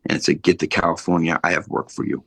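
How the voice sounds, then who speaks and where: Deep gravelly man telling a raw story. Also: flat delivery, quick pace, no echo. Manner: blunt, profane, emotional recovery story. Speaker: podcast guest. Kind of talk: casual storytelling.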